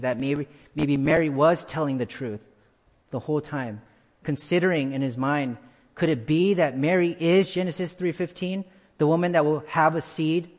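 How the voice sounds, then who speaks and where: A pastor preaching a sermon to his church, repeating key phrases for emphasis and slowing down to stress them. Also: a little high, darkish tone. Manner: slows down for emphasis. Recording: long hall reverb.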